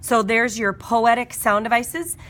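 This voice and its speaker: A woman's voice: a little high, steady tone, a little slow, fairly bright tone. A woman teacher patiently explaining a lesson step by step, with simple spoken examples.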